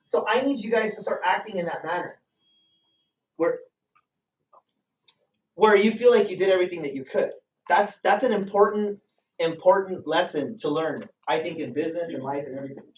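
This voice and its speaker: A man's voice: high voice, normal speed, long pauses, far from the mic, a little hiss or hum. Man coaching a group in an echoey room. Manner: energetic, keeps asking the audience questions and repeats himself for emphasis. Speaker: business trainer. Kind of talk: motivational training talk to a live group. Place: meeting room with a live audience.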